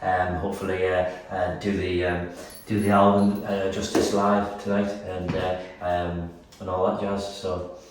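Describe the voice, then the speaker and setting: A man's voice: deep voice, level tone, measured pace, few pauses. A man with a Geordie accent, a band's singer and guitarist, chatting and telling stories with lots of ums and uhs. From Newcastle, England. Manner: rambling, many ums and uhs, laughs through stories. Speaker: band vocalist and guitarist, guest. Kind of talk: casual chat with anecdotes. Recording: roomy, distant mic, audible noise.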